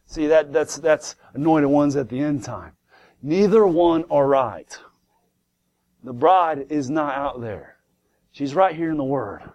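A man delivers a sermon to his congregation in church. His voice sits a little high, and he preaches emphatically, firing rhetorical questions and hammering key words again and again. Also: measured pace, darkish tone.

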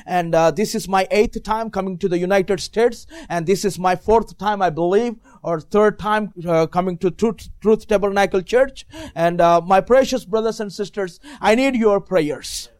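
A man with a non-native English accent and a high voice delivers a sermon. His speech is full of fillers, and he rises into shouted praise now and then. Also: normal speed, clean tone. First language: not English. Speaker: visiting preacher.

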